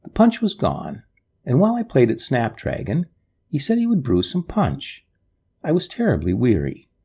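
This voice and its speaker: A man narrating an old story in the first person, in a dramatic, expressive way. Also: mid-range voice, moderate pace, creaky, breathy edge.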